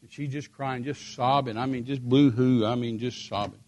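An older man telling a story in a sermon, emphatic and rising to forceful peaks. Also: mid-range voice, fairly even intonation, normal speed, dull audio. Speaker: preacher.

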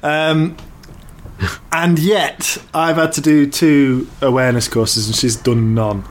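Man co-hosting a podcast in loose, casual chat, his voice sitting a touch high. He tells stories with animation and laughs often, with a faint hum of ambience behind him. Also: little pitch movement, slow. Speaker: podcast co-host.

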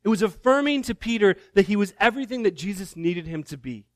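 A man giving a sermon as a guest preacher, telling the story in an animated, conversational way with casual asides. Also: sits high, fast, no room sound.

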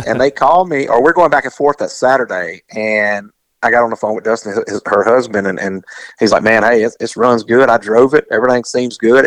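A middle-aged man, casually telling a long, animated story and acting out the voices of the people in it. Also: medium pitch, no room sound, low-quality recording. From US South. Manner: rambling, animated, acts out quoted voices.

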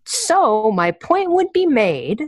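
A woman's voice: high voice, very animated, slow, husky, dry recording, clean studio sound. A woman speaking as an author and coach in a casual podcast conversation, candid and chatty, with slang and laughs as she talks.

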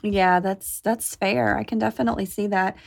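A woman's voice: medium pitch, steady tone, normal speed, creaky. A woman hosting a podcast, chatty and enthusiastic in casual conversation. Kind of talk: casual chat.

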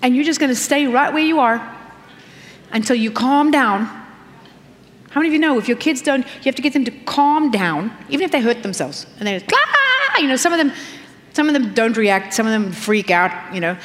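Animated woman preaching in a reverberant hall. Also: on the high side, brisk. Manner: animated, acts out quoted voices. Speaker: pastor. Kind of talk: sermon.

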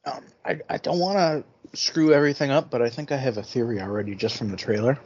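A man's voice: mid-range voice, fast talker, darkish tone, a little hiss or hum. A man co-hosting a podcast in casual chat, offhand and dry as he lays out a theory. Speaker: podcast co-host. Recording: dull lo-fi podcast audio.

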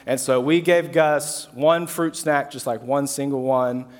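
A man's voice: mid-range voice, fairly even intonation, a little slow. Young male pastor in a reverberant hall. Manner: storytelling with asides, repeats phrases. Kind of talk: sermon. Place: hall with an audience.

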